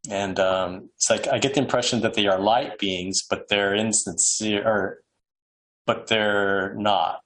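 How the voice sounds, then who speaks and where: A man's voice: lowish voice, steady tone, a little slow, a bit bright, low-quality recording. A man casually reading quoted accounts aloud, with frequent ums and restarts. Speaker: presenter reading case accounts.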